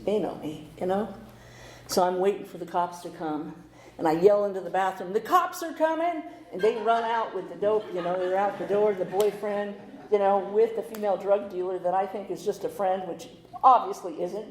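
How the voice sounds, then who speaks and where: Middle-aged american woman telling her story, wry and candid, low mellow voice, echoey hall. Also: a little hiss or hum. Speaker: speaker sharing her story. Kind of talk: recovery meeting talk. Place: meeting hall.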